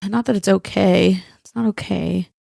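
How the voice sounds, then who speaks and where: A woman's voice: medium pitch, steady tone, normal speed, gravelly, mellow, no echo, studio quality. A woman co-hosting a faith-based podcast, speaking tenderly and earnestly straight to listeners. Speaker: podcast co-host. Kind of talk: heartfelt faith-based talk.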